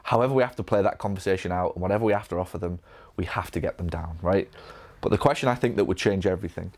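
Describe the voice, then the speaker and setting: Man, Northern English accent, lowish voice, live Q&A coaching, energetic, frequent restarts. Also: fast. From England. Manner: energetic, repetitive restarts, acts out patient dialogue. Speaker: physio business coach. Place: event room.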